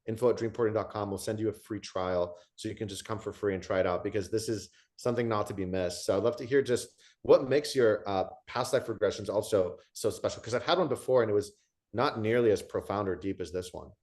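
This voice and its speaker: Low-voiced enthusiastic male host. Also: fast talker, darkish tone. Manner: enthusiastic, storytelling, many restarts. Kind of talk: conversational interview.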